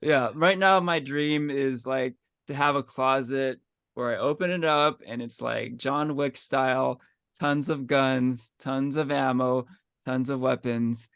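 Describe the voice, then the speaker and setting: A man co-hosting a podcast who jokes playfully in casual chat, pausing on fillers. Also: medium pitch, fairly even intonation, vocal fry, a bit bright, clear, resonant tone, no room sound, clean studio sound. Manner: playful, jokey, halting with fillers. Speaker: podcast co-host.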